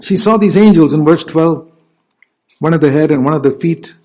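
A man's voice: a little high, normal speed, dark tone. A male preacher giving an earnest sermon, stopping to explain scripture verses.

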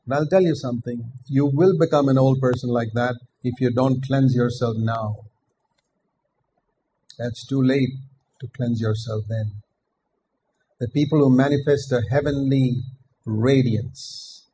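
An older man preaching a sermon in an earnest, measured way, repeating his key phrases for emphasis. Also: mid-range voice, fairly even intonation, warm tone, a little hiss or hum, rough recording.

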